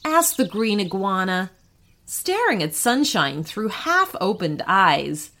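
A woman reading a children's story aloud as narrator, gentle and expressive. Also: medium pitch, slow.

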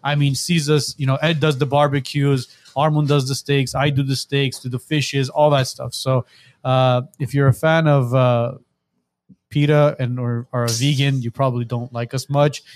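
A male podcast host talking in a loose, rambling way and slipping into quoted voices when he tells a story. His voice sits at an everyday middle pitch and is recorded dry, with no room sound behind it. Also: little pitch movement, moderate pace, dry recording. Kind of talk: casual podcast chat.

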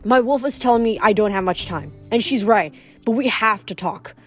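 A fierce young huntress, commanding and protective, with a brisk, urgent way of speaking, as a woman reading a storybook aloud puts her on. The voice sits fairly high, and faint music plays underneath. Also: fairly bright tone, lightly acted.

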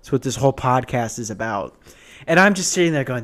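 A man's voice: mid-range voice, lively intonation, fairly quick, a bit bright. A man hosting a podcast, ranting casually in a rambling, profane, sardonic way with sighs and restarts. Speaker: podcast host.

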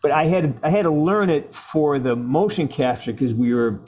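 Man, actor guest, casual chat, rambling, halting, frequent laughs. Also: on the high side, animated, a little mellow.

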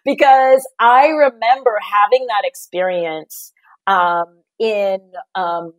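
A woman and mother on a panel, telling a story in a reflective, animated way. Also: medium pitch, slow, dry recording, rough recording. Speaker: panel guest, parent. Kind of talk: conversational storytelling.

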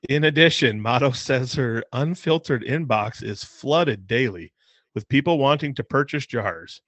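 A man's voice: mid-range voice, lively intonation, unhurried, fairly bright tone, no echo. A man co-hosting a casual podcast, reading a news story aloud with laughing asides. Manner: reads out articles with laughing asides. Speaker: podcast co-host.

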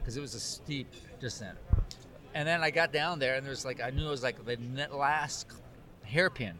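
Animated man telling a story outdoors. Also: medium pitch. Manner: animated anecdote teller, acts out dialogue. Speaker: cycling photographer. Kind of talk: casual storytelling chat.

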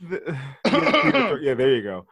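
A man's voice: fairly high pitch, wildly swooping pitch, measured pace, a bit bright, breathy edge, no echo. A man from the Chicago area co-hosting a podcast, chatting animatedly and swearing casually. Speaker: podcast co-host. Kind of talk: casual film discussion.

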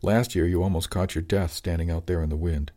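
A man's voice: sits low, fairly even intonation, brisk, mellow. A man doing a firm, bantering mother.

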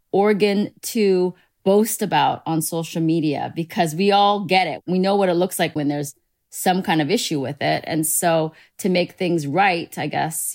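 A woman's voice: fairly low pitch, darkish tone. A woman dermatologist, a guest in an interview, explaining her work in a lighthearted, chatty way. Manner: lighthearted, explanatory, with casual fillers. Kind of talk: conversational interview.

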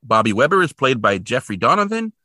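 Man, casual podcast chat, rambling, bright tone, dry sound. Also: mid-range voice, fairly quick, no echo. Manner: chatty, rambling, animated asides. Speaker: podcast co-host.

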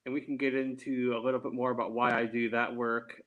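A man, an attorney, answering interview questions in a measured, deliberate and explanatory way. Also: medium pitch, little pitch movement, narrow, tinny audio. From Texas. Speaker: guest, attorney.

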